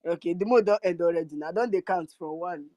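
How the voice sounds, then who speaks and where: A man's voice: sits high, fast talker, mellow, dry recording, lo-fi sound. A man calling in to a live broadcast, pleading playfully and mixing Pidgin into his English. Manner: pleading, joking, mixes in Pidgin. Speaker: caller.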